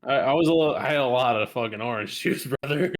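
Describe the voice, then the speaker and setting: A man playing a tabletop role-playing game, bantering loudly, often laughing and swearing. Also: medium pitch, quick pace. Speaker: player.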